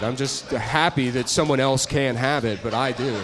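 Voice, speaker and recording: Rambling deadpan man, noisy recording. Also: medium pitch, a little slow. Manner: rambling, deadpan, trailing off into mumbles. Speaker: comedian. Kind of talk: stand-up comedy bit.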